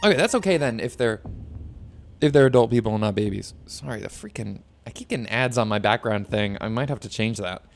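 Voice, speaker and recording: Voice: mid-range voice, expressive, a little fast, creaky. A streamer giving chatty, sarcastic commentary while playing a game. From New Jersey. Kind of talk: casual gameplay commentary.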